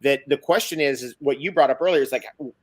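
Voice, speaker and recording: A man's voice: mid-range voice, fast, no echo. A man, a guest in a casual conversation, speaking in emphatic, sweeping declarations that he often repeats.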